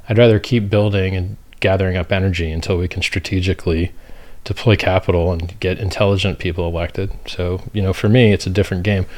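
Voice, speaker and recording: A very deep-voiced American man speaking as an interview guest. He talks bluntly and with emphasis, slipping into a rant. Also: a little mellow. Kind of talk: casual conversational interview.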